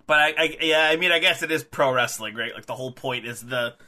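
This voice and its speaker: A young man co-hosting a casual podcast, animated, laughing easily and often restarting his sentences. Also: mid-range voice, brisk, slight background noise. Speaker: podcast co-host.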